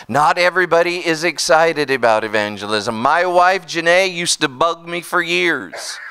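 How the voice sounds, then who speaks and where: A man preaching a sermon as pastor, telling stories with lively call-outs to the congregation. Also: on the high side, normal speed, hardly any pauses, clear, resonant tone. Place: church.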